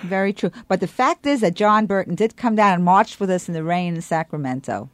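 A woman's voice: on the low side, a little fast, no room sound. A woman with a New York accent, a guest on a radio interview, telling a story with many restarts. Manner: animated storytelling with frequent restarts and laughs.

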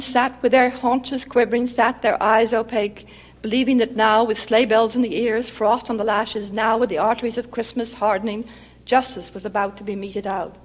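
Author reading her story on old tape. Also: a little high. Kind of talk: public reading of a short story. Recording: dull lo-fi archival recording.

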